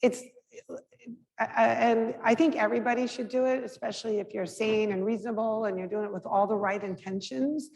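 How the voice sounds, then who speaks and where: Gravelly middle-aged woman, candid and frank. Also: on the high side, steady tone, a little fast, a little mellow. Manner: frank, conversational, many restarts and fillers. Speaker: mayor, guest speaker. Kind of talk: candid Q&A answers at a public talk. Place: lecture hall. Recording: reverberant hall with faint background noise.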